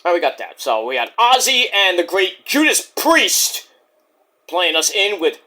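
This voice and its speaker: Jokey guy doing a wrestling review, swears a lot, voice jumps all over, bright tone. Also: high-pitched, moderate pace. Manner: animated, profane, jokey, breaks into impressions. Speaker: wrestling reviewer, channel host. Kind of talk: casual profane wrestling review monologue.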